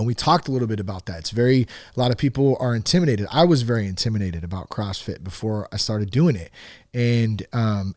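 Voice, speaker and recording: A man's voice: mid-range voice, no echo, clean studio sound. A man hosting his own podcast, talking casually and self-deprecatingly with plenty of fillers. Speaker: podcast host. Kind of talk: casual solo podcast talk. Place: home in Northern California.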